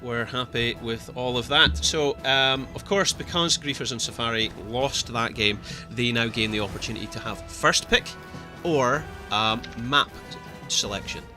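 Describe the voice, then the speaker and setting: Bright-voiced man casting esports. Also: mid-range voice, moderate pace, few pauses, faint music behind. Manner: excitable, chatty, laughs often. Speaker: esports caster. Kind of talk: live esports commentary.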